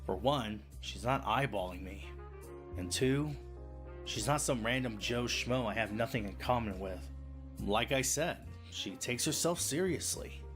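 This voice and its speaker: A man's voice: mid-range voice, lively intonation, measured pace, music in the background, lightly acted. A man voicing a grumpy, exasperated young male defense attorney in a fan-made game. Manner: grumbling, exasperated.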